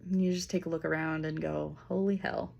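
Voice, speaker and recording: A woman's low, deep-fried, raspy voice drifts through a relaxed spiritual reading. She rambles casually, drops a swear word here and there, and then slows to a soft near-whisper to lead deep breaths. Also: lo-fi sound. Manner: loose and chatty, with fillers and casual swearing. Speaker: intuitive reader.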